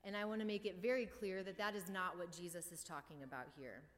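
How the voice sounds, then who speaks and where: A woman's voice: on the low side, fairly even intonation, fast talker. A woman preaching a conversational sermon with a casual, wry manner and joking asides. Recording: long hall reverb.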